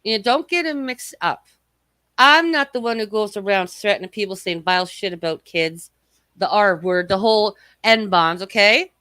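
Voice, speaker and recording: Bright, cursing woman ranting on stream. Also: medium pitch, moderate pace, dry recording. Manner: angry, cursing, mocking. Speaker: livestream host. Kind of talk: profane live-stream rant.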